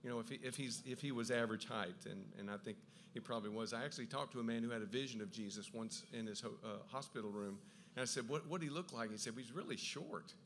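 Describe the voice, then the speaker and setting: A man giving an enthusiastic Bible talk, with quick asides and frequent restarts as he explains. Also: mid-range voice, fairly even intonation, a bit bright, slight background noise. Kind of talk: lively lecture on the Gospels.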